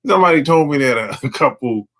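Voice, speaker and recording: A man's voice: medium pitch, fast. A man hosting a casual live stream, talking in slangy, drawling speech with lots of repetition. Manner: slangy, drawling, animated, repeats himself.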